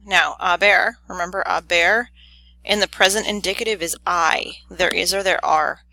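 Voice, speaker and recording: Woman teacher, low-ish voice, unhurried methodical delivery, dry close sound. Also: no room sound. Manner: methodical, steady step-by-step explaining; corrects own slips quickly. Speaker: Spanish teacher. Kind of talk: recorded grammar lesson.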